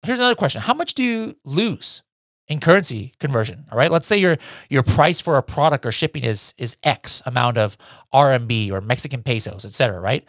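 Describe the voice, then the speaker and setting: A man's voice: mid-range voice, expressive, a little fast, a bit bright, no room sound, studio quality. A man hosting a podcast, announcing new features in an enthusiastic, chatty way with many "all right"s and "guys". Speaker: podcast host.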